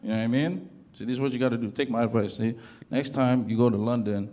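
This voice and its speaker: Animated stand-up comedian from Toronto. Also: male voice, mid-range voice, fast. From Toronto, Canada. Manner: animated storytelling, acts out quoted voices loudly. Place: comedy show before a live audience. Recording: loud audience noise and laughter.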